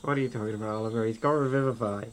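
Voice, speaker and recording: A man's voice: on the low side, fairly even intonation, rapid-fire, slight background noise. Teasing man at a game table. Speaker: player. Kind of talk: casual tabletop game chat.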